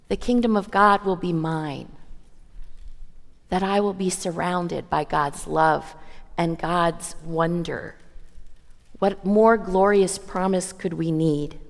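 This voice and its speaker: A woman preacher giving an earnest, gentle sermon. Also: medium pitch, in a large hall.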